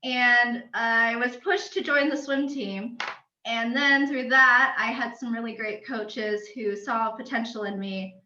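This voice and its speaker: Young woman chatting through her book slides, bright tone, roomy echo, laughs a lot. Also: on the high side, fairly even intonation, slow. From United States. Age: young adult. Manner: chatty, explanatory, laughs often. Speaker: author. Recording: roomy and dull lo-fi.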